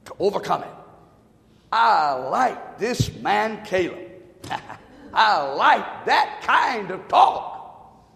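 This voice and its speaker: A man preaching a sermon, telling a folksy joke story and swinging from quiet talk to shouting. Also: high-pitched, very animated, slow pace, gravelly. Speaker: pastor. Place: church sanctuary. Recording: echoey hall, long reverb.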